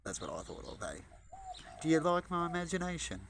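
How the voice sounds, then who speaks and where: A man chatting casually outdoors by a bird-feeding spot, rambling and breaking into high, excited baby talk to the birds. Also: fairly quick, gravelly, slight background noise. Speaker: vlogger. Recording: outdoor audio with birdsong behind. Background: birds chirping.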